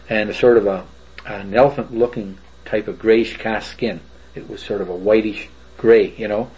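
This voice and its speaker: Older male eyewitness, husky low voice, detailed rambling account, dull lo-fi tape. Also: darkish tone. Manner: rambling, detailed storytelling with fillers. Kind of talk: first-person testimony. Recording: dull lo-fi recording.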